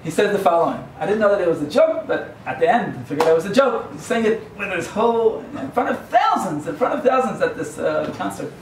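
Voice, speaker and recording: A man's voice: high-pitched, expressive, brisk, few pauses. A rabbi giving a sermon in a yeshiva hall, his slightly raised voice wandering through asides and jokes. He stands at a distance from the mic, so the voice rings in the room over a faint hum. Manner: digressive, joking storyteller.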